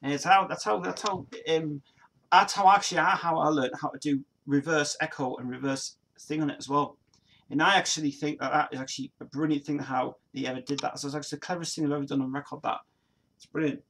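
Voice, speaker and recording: A Nottingham man in his forties with an East Midlands English accent hosts a livestream, reading viewer comments in casual chat. He rambles, restarts often, fills gaps and laughs a lot. His voice is a little high, steady, quick and a bit bright, over slight background noise.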